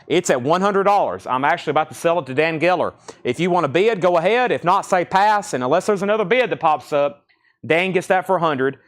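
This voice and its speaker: Guy running a live vinyl auction stream, slightly high voice, rattling off bids and prices. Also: expressive. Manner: brisk, businesslike auctioneer patter. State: throat a bit choked, coughing. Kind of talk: live online auction calling.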